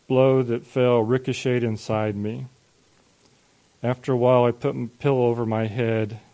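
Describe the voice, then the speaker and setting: A man's voice: mid-range voice, a little mellow. A male preacher telling a dramatic first-person story during a sermon.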